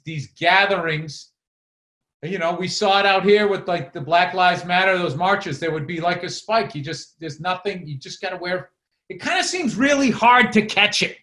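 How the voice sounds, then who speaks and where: A man's voice: high voice, moderate pace, sharp tone. A man co-hosting a podcast, ranting in profane, casual chat. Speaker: podcast co-host. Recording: roomy echo.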